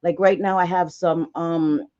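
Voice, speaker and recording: A woman's voice: on the low side, steady tone, unhurried, dark tone, muffled recording. A woman host chatting casually on a livestream, telling stories with frequent laughs and restarts and swearing freely.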